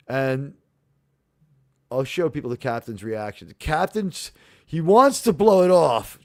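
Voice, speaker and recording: A man hosting a casual livestream review chat, animated and profane, acting out the lines he quotes. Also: medium pitch, a little slow, no echo, studio quality. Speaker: host.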